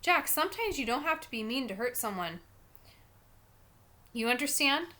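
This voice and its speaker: A woman's voice: sits high, expressive, normal speed, sharp tone. A woman voicing a stern, devout grown woman babysitter who scolds firmly and calls on the Lord. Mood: earnest. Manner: scolding, firm and churchy.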